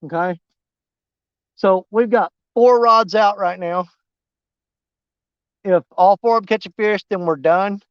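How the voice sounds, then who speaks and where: A high-pitched man rambles folksily to his viewers while he fishes outdoors. His voice is smooth and clear, and he sounds winded. The sound is dry and a bit dull. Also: takes it slowly, pauses often, no room sound. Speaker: fishing vlogger. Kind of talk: live-stream fishing chat. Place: outdoors at a riverbank.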